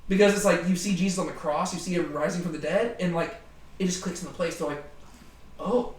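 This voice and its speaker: A man leading a casual Bible study, talking in an animated way with many fillers. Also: high voice, fast. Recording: echoey room, distant from mic.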